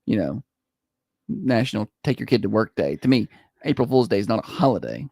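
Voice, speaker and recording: A chatty Southern American man hosts a morning radio show, his voice lively and swinging up and down as he rambles through opinions and restarts. He is heard close on a studio mic in a dry, dead room. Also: on the low side, a little fast, gravelly, husky, no room sound. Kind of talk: casual radio banter and live reads. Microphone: studio microphone.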